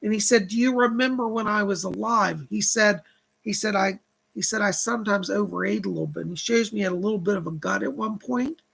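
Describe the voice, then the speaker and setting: A man's voice: sits high, fairly quick, creaky, fairly bright tone, breathy edge. A man hosting a live psychic reading stream, reading viewer donations and relaying spirit messages in long chains of "she said". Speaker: psychic medium host.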